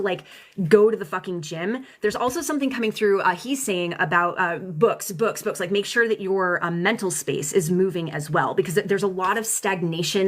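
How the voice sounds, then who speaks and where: A woman's voice: medium pitch, fairly bright tone. A young adult woman giving a live-streamed tarot reading, talking in an emotional, rambling way with many restarts and casual swearing. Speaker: tarot reader. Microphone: phone or webcam mic.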